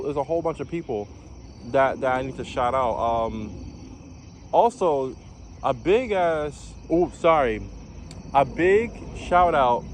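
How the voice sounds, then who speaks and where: In a casual vlog, a young man from New York, formerly a navy recruit, shares his story in a mid-range voice. He rambles and keeps restarting, leaning on fillers; a little hiss or hum runs under the recording.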